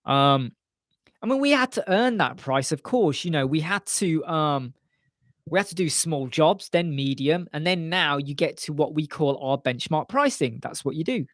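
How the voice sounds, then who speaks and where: A man hosting a casual live web chat about web design, talking in an animated way and repeating his points for emphasis. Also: a little high, moderate pace, dry recording, clean studio sound. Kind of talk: casual live-stream chat answering viewers. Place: small home studio room with soundproof panels.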